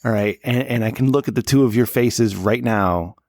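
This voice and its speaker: A gravelly-voiced man in his late thirties rambles through a casual podcast chat, profane and a little drunk. He is recorded close on a dry studio mic. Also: mid-range voice, normal speed, a little mellow, no room sound. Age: 30s. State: slightly drunk. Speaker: podcast co-host. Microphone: studio microphone.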